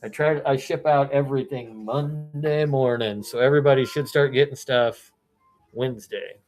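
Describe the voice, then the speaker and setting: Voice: medium pitch, moderate pace, darkish tone, soft background music. A card seller from Missouri, hosting a live-stream card break and rattling off player names with chatty, self-correcting asides.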